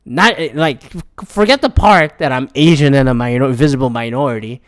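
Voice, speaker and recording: A man's voice: mid-range voice, fairly quick, dry recording. A man ranting casually, swearing often and rambling with frequent restarts and repeated words. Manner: profane, frustrated, rambling with restarts. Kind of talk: casual rant.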